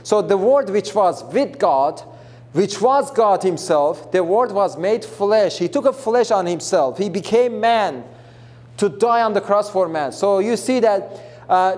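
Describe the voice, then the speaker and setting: A man's voice: high-pitched, darkish tone. A man preaching a Bible lesson in an earnest, emphatic way, repeating himself and restarting phrases as he explains. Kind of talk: Bible teaching.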